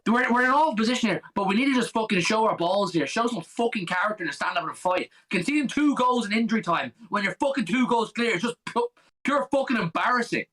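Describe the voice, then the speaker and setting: A man's voice: sits high, lively intonation, fast, a bit bright, low-quality recording. A young man co-hosting a live football watch-along, ranting furiously and swearing constantly at his team.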